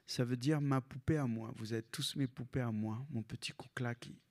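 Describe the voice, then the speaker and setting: A woman's voice: a bass voice, fairly even intonation, fairly quick. A man voicing a doting, fussy old grandmother who showers her grandchildren with endearments. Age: older. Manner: effusive, cooing endearments.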